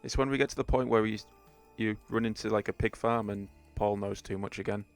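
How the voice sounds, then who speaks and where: A man's voice: lowish voice, steady tone, brisk, faint music behind. A man running a tabletop game as game master, laid-back and chuckling often.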